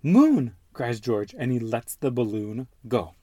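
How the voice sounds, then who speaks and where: A man hosting a podcast with his son, reading a children's storybook aloud in an animated, expressive way. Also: mid-range voice, a little slow, no room sound.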